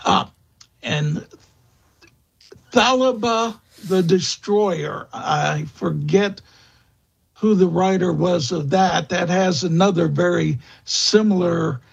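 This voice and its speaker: A man speaking as a guest expert in an interview, slow and halting, with many fillers and restarts. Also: sits high, vocal fry, slightly rough. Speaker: guest expert on vampire lore. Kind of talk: interview answers.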